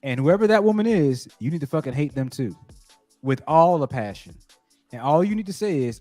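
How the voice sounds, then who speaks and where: A man on a casual podcast hands out mock-serious life advice, cursing freely as he jokes. His voice swings widely in pitch. Faint music sits under him. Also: lively intonation, fairly quick, dark tone. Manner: joking, profane, mock-earnest advice. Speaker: co-host.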